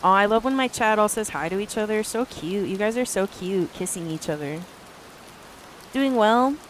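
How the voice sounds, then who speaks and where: A woman's voice: mid-range voice, expressive, moderate pace, a little hiss or hum. A woman streamer chatting casually to her live viewers, rambling through stories with lots of filler words and casual swearing. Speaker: art streamer.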